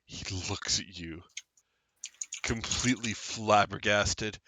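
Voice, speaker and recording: A man narrating as game master of a tabletop game, playful and quick to laugh. His voice is bright and forceful with lively swings in pitch, recorded dry on a close mic. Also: dry recording.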